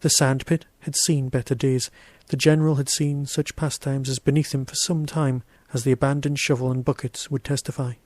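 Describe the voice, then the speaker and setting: A man narrating his own short story in a steady, even reading voice. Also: medium pitch, no echo. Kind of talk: audiobook-style story narration.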